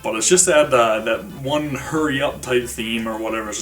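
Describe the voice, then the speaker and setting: A man's voice: mid-range voice, normal speed, a bit bright. A man giving a casual, rambling spoken review of an old game, with lots of fillers and restarts. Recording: slightly distant mic with faint music behind.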